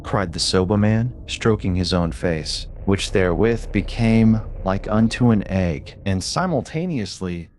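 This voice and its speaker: A man with a fairly low voice reading old ghost stories aloud for sleep. His delivery is measured and unhurried, yet his intonation moves expressively up and down, and a faint hiss sits under the voice. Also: expressive, darkish tone. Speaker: narrator. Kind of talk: storytelling for sleep.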